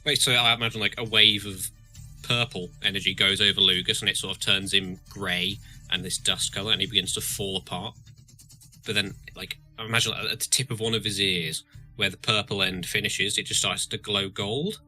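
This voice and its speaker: A man's voice: fairly low pitch, steady tone, a little fast, sharp tone, faint music behind. A man playing a tabletop game, talking casually and rambling with lots of fillers. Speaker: player.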